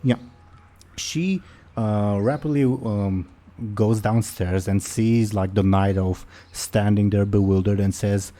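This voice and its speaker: A man's voice: on the low side, takes it slowly, dark tone. A man running a tabletop game as game master, hesitant and full of fillers.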